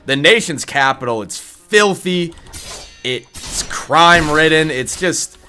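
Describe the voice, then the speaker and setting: A man's voice: on the high side, lively intonation, slow, bright, forceful tone, faint music behind. A young man with a stuffed-up, scratchy voice, a gaming YouTuber talking bluntly and profanely in a casual rant before a game build guide. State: congested, scratchy voice.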